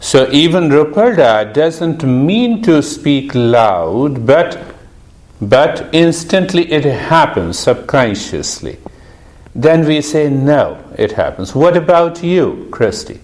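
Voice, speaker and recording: A man leading a stress management session, talking slowly in a casual way and often laughing. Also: on the high side, sing-song, darkish tone. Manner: slow, laughing often, friendly teasing. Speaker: meditation teacher. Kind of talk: casual group session talk.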